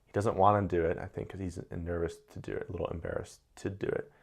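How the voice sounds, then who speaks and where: A man's voice: low voice, little pitch movement, fast, gravelly. A man giving casual, thoughtful commentary on personality types, often repeating words as he searches for the right phrasing.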